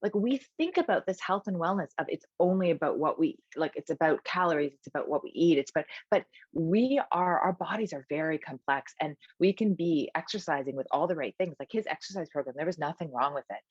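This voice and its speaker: A woman's voice: sits low, animated, brisk, hardly any pauses, breathy edge, no room sound, muffled recording. A woman personal trainer talking energetically as a podcast guest, emphatic and full of "like" fillers and restarts. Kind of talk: conversational podcast interview.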